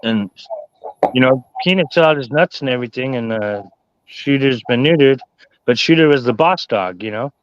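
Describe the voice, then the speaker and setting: A man's voice: mid-range voice, expressive, normal speed, smooth, no room sound. Rambling man on a dull, dry recording. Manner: rambling, peppered with "you know". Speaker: dog owner in conversation. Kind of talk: casual chat.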